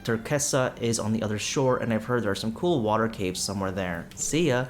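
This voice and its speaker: A man's voice: fairly low pitch, brisk, slight background noise, lightly acted. A man voicing a friendly, chatty local townsperson who welcomes a newcomer.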